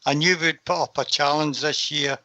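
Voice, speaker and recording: An older man with a bright, tense tone and a dry, close sound. He talks in a heartfelt, rambling way and stumbles over his words now and then. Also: fairly high pitch, fairly even intonation, normal speed, no room sound, dull audio. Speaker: guest panelist. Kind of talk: casual chat.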